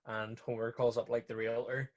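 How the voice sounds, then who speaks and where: A man's voice: mid-range voice, level tone, moderate pace. A man, co-hosting a casual film review chat and animatedly retelling scenes with frequent laughs. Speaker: podcast co-host.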